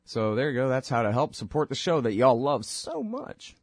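A man's voice: medium pitch, big pitch swings, normal speed, no room sound, studio quality. A man hosting his own radio show, rambling informally and wryly between plugs. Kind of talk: casual monologue with plugs.

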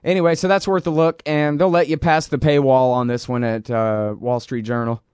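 A man's voice: medium pitch, level tone, normal speed, a little mellow, clean tone, dry recording, clean studio sound. A man hosting a political talk show, talking in a casual, rambling and sarcastic way. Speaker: radio show host.

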